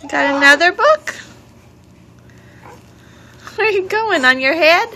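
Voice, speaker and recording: High, sing-song mother doing baby talk. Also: expressive, slow, sharp tone. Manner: sing-song, coaxing, with gasps of delight. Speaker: mother filming her baby. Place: indoors at home, child's room. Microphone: home video camera.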